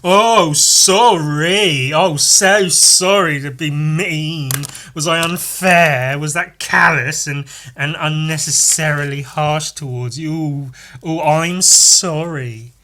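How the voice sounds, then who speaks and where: Man putting on a sarcastic guy, loud and syrupy-slow, a bit higher than his own voice. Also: animated, breathy edge, full character voice. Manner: mock-cheerful, dripping sarcasm. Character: man cursed to always be sarcastic.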